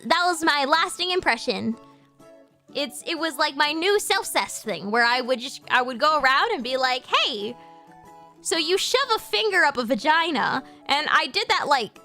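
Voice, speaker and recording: A young woman streams from home, telling crude, rambling, playful stories with a high, bright voice. Soft music plays faintly behind her. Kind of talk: casual stream chat.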